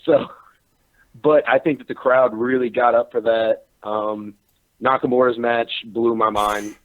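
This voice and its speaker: A slightly hoarse man calling in to a show, chatting casually and rambling with fillers. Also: medium pitch, steady tone, a little slow. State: a little hoarse. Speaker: caller. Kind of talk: casual phone call-in chat. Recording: tinny phone line.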